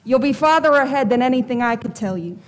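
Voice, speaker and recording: A woman's voice: high voice, expressive, fast talker, big-room sound. Woman playing a brassy fake fortune teller. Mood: blunt. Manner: brash, blunt and wisecracking. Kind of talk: stage play acting.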